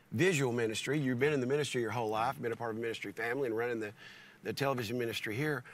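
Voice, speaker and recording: Casting: animated middle-aged male pastor, storytelling style, bright and forceful. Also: medium pitch. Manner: animated, repeats words and restarts often. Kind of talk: storytelling in a conversation.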